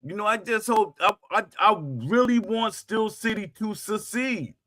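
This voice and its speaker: A middle-aged man hosting a stream rants to viewers a little slowly, his high voice pushed and bright. He is emphatic and repetitive, hammering home each claim with "Facts."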